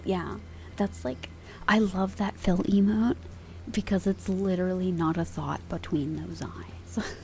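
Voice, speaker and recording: A woman streaming live ASMR, chatting casually and playfully, drifting between soft whispers and quiet talk from a home sound booth. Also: medium pitch, vocal fry.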